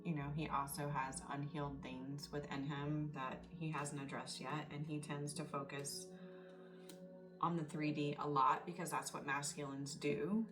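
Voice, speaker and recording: A woman's voice: sits low, little pitch movement, normal speed. A woman giving a casual, confiding tarot reading, emotional and tearful at times. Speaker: tarot reader. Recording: distant mic with loud background music.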